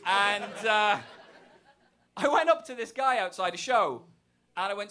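A man's voice: high voice, animated, a little slow, bright, forceful tone. An English man, a stand-up comedian, talking wryly and self-deprecatingly with profane humor. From England. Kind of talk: stand-up set and casual interview.

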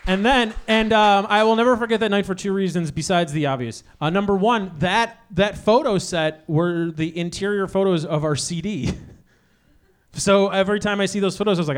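A man in his thirties hosting a comedy show, telling rambling stand-up stories with loud punchlines. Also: high voice, moderate pace, smooth. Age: 30s. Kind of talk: stand-up storytelling.

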